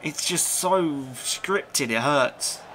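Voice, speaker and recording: A young man giving live commentary on his own football video game, talking to the players on screen and swinging between muttering and shouting. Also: fairly high pitch, animated, very slow, background noise. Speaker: gaming YouTuber.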